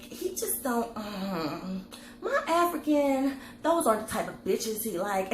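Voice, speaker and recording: Brash, swearing woman recapping TV. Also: mid-range voice. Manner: brash, profane, laughs often. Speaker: TV recap vlogger. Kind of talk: casual reality-TV recap. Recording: echoey room with faint hiss.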